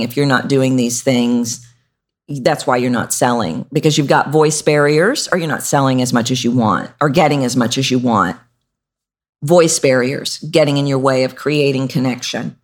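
A middle-aged woman hosting a podcast as a voice coach. She talks in an animated, demonstrative way and swoops up in pitch to stress words. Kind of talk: instructional podcast talk.

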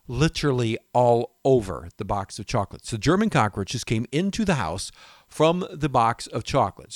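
A man's voice: medium pitch, no echo, studio quality. A man hosting a home and garden radio show, telling a rambling personal story in a casual way and often breaking off mid-sentence. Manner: animated, rambling, self-interrupting storyteller.

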